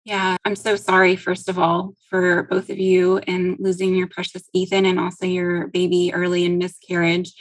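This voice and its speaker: Gentle low-voiced woman host, flat and even. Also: normal speed, few pauses, dry recording, rough recording. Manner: gentle, compassionate, steady. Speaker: interview host, grief support group leader. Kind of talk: interview questions.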